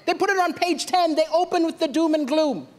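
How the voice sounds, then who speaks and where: Malawi-born stand-up comic, high voice. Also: male voice, a little fast. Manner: deadpan punchlines, acts out quoted voices. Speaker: stand-up comedian. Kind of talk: stand-up comedy set. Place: large theatre stage with live audience. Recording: loud laughing crowd, noisy hall.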